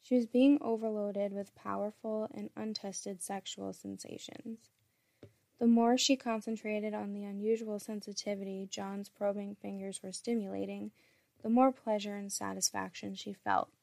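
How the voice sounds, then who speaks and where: A woman narrates an erotic story in a steady, intimate reading voice. Her tone has a noticeable gravelly fry. The recording is close and dry, with no room sound. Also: medium pitch, normal speed, dry recording.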